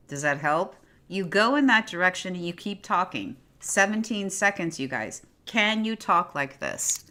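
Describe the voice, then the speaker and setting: A woman's voice: on the low side, lively intonation, unhurried. A woman hosting a casual livestream, reading viewer comments aloud and answering them in an encouraging, effusive way. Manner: warm and effusive. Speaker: livestream host.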